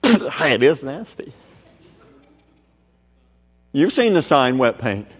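A man preaching a sermon, dramatic and swinging from shouts down to near whispers, who keeps checking that the crowd is listening. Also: mid-range voice, very animated, slow pace. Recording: long hall reverb.

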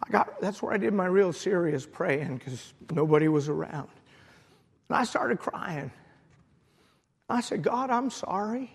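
A middle-aged man, a pastor, preaching a sermon and telling a personal story with emotion, at times rising to shouted prayer. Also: on the high side, lively intonation, measured pace, creaky, long pauses, husky. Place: church sanctuary. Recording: long hall reverb.

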